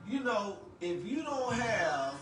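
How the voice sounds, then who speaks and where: Fifties man, casual vlog talker, slightly high voice, distant and roomy with music underneath. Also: sing-song, takes it slowly. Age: 50s. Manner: loose, chatty storytelling with frequent asides to the listener. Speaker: vlogger. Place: home room he calls his lab. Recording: roomy, far from the mic, music behind.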